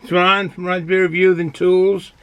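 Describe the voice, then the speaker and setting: A man's voice: high voice, little pitch movement, normal speed, clean tone, no room sound, rough recording. A man with a Boston accent casually reviewing a beer, rambling with many fillers and restarts.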